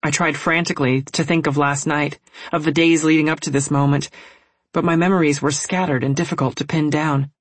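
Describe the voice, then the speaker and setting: Breathy woman narrating a novel. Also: sits low, fairly even intonation, brisk, dry recording. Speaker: audiobook narrator. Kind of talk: first-person novel narration.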